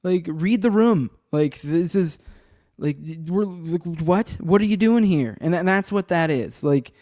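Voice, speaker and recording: Podcast host: man, rambling and sardonic, swears freely, dark mellow voice on a dry, close track. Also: a little high, expressive, a little slow, no echo. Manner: rambling, profane, sardonic, many restarts. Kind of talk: casual solo commentary with chat. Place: home room with a cat and a desk.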